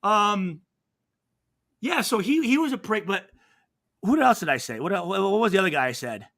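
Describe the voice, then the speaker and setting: Brief: man in his forties, ex-football guest, high bright voice, swears freely, rambles through anecdotes. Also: lively intonation, quick pace, vocal fry. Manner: profane, rambling, acts out quotes. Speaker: former football safety, guest. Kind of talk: casual interview storytelling.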